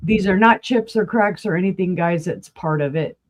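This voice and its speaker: A woman's voice: lowish voice, normal speed. A woman from New Mexico with a New Mexico accent, chatting casually as a guest seller on a live auction stream and describing glassware in close detail. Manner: chatty, folksy, describes items closely to viewers. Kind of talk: casual live-sale chat.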